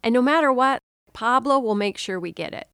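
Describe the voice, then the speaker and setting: A middle-aged woman hosting a podcast, telling a story casually and animatedly, with quick pitch jumps when she quotes people. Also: expressive, a bit bright, clean tone, no room sound, studio quality. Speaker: podcast host.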